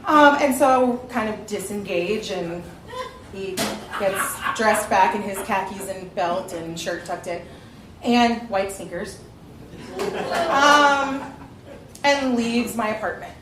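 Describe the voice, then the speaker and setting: A woman's voice: mid-range voice, slow. A woman with a Southern US accent telling a comic personal story on stage at a live event, often laughing through her lines. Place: live venue with audience. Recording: echoey live room, faint noise.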